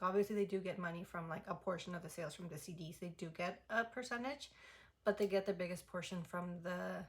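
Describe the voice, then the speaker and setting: A young woman chatting through a casual album review, full of "like" fillers and gushing enthusiasm. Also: medium pitch. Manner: chatty and effusive, many "like" fillers. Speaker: music reaction vlogger.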